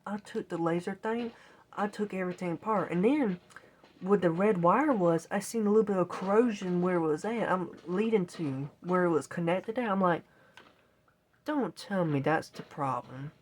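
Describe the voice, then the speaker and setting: A woman with a fairly low voice tells a long, winding story in a casual vlog. She rambles and quotes her own exasperated reactions. Faint keyboard typing can be heard behind her. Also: moderate pace, a little mellow, husky. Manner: rambling, exasperated retelling with quoted self-talk. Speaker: vlogger. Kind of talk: casual storytelling while gaming.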